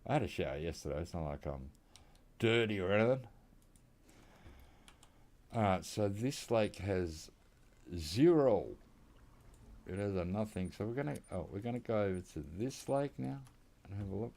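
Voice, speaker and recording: Aussie streamer guy, low voice, easygoing rambling game commentary from home. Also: animated, normal speed, pauses often, a little mellow. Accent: Australian. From Australia. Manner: laid-back, rambling, chuckling often. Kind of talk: casual gameplay commentary.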